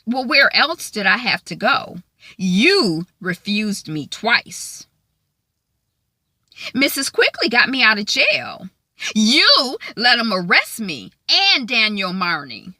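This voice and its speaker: A woman playing a young courtesan standing her ground, firm and defiant. Her bright, lively voice stays set and determined. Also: fairly high pitch, takes it slowly, no echo, clean studio sound, voice pushed up, heavily acted. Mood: resentful.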